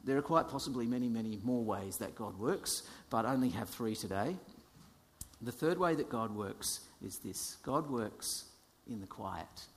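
A man preaching a sermon, dramatic in delivery, dropping from loud to whispers, with light self-deprecating humor. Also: mid-range voice, expressive, moderate pace, in a large hall, a little hiss or hum. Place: church.

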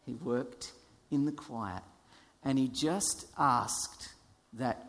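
Preacher, male, slow and animated, theatrical swings between loud and hushed, long hall reverb. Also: mid-range voice, creaky. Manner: dramatic, swinging from loud to whispered; light self-deprecating humor. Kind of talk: sermon. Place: church.

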